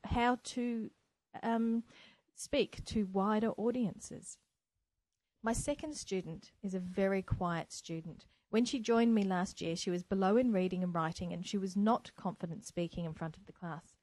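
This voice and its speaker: A woman's voice: mid-range voice, measured pace, a little mellow, no room sound, poor audio. A woman teacher from New Zealand hosting her own podcast, speaking earnestly and with enthusiasm. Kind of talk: solo educational podcast. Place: home, by a window. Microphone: microphone.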